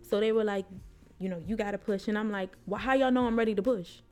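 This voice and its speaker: A young woman co-hosting a podcast, speaking in a frank, unfiltered way. She swears freely and slips into quick impressions of the people in her story. Faint music plays underneath. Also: mid-range voice, a little mellow, clear, resonant tone. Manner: blunt, swears freely, acts out quotes of nurses and herself. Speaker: podcast co-host. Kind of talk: candid personal storytelling.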